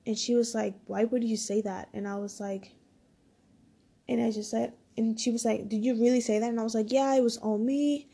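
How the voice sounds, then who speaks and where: A woman's voice: a little high, little pitch movement, brisk, creaky, warm tone, breathy edge. A woman casually telling a personal story, rambling and full of "like" as she quotes what people said.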